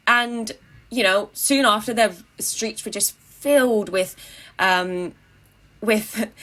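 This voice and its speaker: Young woman, wry storyteller, tongue-in-cheek, halting, mid-pitched voice. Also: bright, forceful tone. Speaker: interviewee, activist. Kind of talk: casual anecdotal storytelling.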